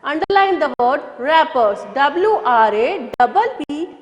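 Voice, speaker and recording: A woman with an Indian English accent reads a children's lesson aloud in a high, clear voice, stopping often to spell words letter by letter. The room is echoey, with a long reverb trailing behind her voice. She speaks slowly and patiently, as a teacher to young pupils. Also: lively intonation, dull audio.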